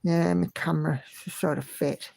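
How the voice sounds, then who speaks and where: This livestream host has a low, gravelly, mellow voice and a steady, moderate delivery. She keeps things casual and friendly, greeting viewers by name as she reads their comments, in a dry recording.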